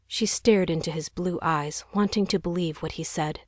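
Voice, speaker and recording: Low-voiced woman narrating an audiobook. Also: moderate pace, few pauses, dry recording, clean studio sound. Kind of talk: scripted narration.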